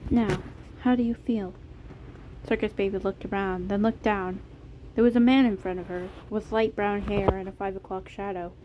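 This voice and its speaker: A woman reading her fan fiction story aloud in a steady, plain narration, recorded on a phone. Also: mid-range voice, brisk, dull audio, slight background noise.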